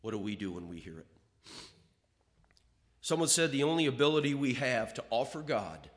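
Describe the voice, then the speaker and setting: Male preacher, animated sermon delivery, voice rising and falling widely, acts out dialogue. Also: medium pitch, moderate pace. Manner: animated, acts out quoted voices, reads scripture aloud.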